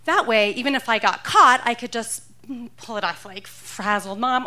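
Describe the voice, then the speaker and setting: A woman's voice: a little high, lively intonation, normal speed, sharp tone. A woman in her thirties telling a true story live on a theater stage into a stage microphone, wry and self-mocking, often laughing as she talks.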